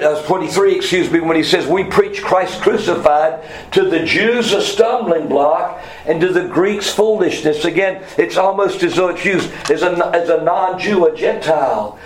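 Man, pastor, expository sermon, asides and self-corrections, echoey sanctuary. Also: fairly high pitch. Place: church sanctuary.

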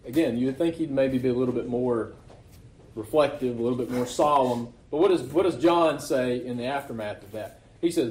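A man's voice: mid-range voice, brisk, darkish tone. A man preaching a sermon in a loose, conversational way, often asking rhetorical questions. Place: church meeting hall. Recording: echoey hall recording.

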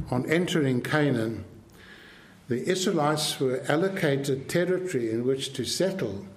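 Male preacher, slow and measured, emphatic sermon delivery, echoey church room. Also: medium pitch.

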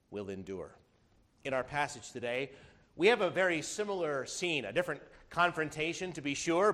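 A male pastor delivering a sermon with a lively, swooping delivery that climbs and drops through his phrases. His voice sits a little higher than most men's, and he drives his points home with emphatic rhetorical questions.

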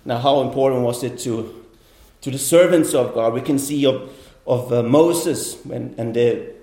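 Earnest preacher in an echoey room. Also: male voice, mid-range voice, unhurried, warm tone. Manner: earnest, repeats words and restarts phrases. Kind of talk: sermon.

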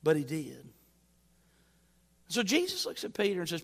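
High-voiced preaching man. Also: lively intonation, normal speed, gravelly, pauses often. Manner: emphatic, repeats phrases with rising force. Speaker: pastor. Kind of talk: sermon. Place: church.

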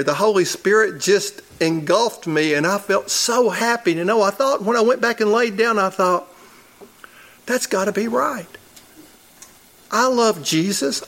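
A man's voice: high voice, fairly bright tone. A man, a church elder, preaching a sermon in a conversational storytelling way and chuckling at his own stories.

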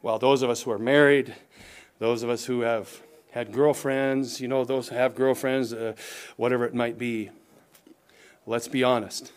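A middle-aged man preaching a sermon as pastor, emphatic, swinging between raised exhortation and quiet asides. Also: flat delivery, moderate pace, smooth. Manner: emphatic preaching, rises and falls in pitch and volume, occasional chuckles.

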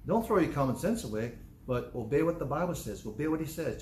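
A man's voice: medium pitch, fast, darkish tone, a little hiss or hum. A male pastor preaching a sermon, repeating phrases for emphasis and acting out quoted voices. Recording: echoey room, faint ambience.

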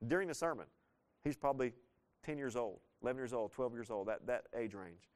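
A man's voice: mid-range voice, lively intonation, fairly quick. Southern US man, pastor; folksy, chatty sermon delivery that punches key words. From Southern United States. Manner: conversational, folksy storytelling with dynamic emphasis.

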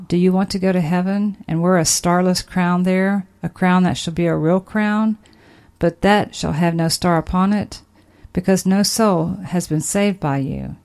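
A woman reading an old sermon aloud in a solemn, measured way. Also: fairly low pitch, darkish tone. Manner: solemn, measured, archaic phrasing. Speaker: sermon reader.

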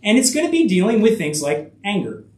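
A man preaching a sermon, halting and full of restarts, asking his listeners rhetorical questions. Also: high-pitched, huge pitch swings, darkish tone, roomy sound, distant mic, poor audio. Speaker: pastor.

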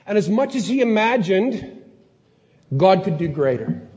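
A man preaching a sermon, telling stories with lively energy and sometimes acting out excited scientists in a higher voice. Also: measured pace, slightly rough. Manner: animated storytelling, acts out excited scientists in a higher voice. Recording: long hall reverb.

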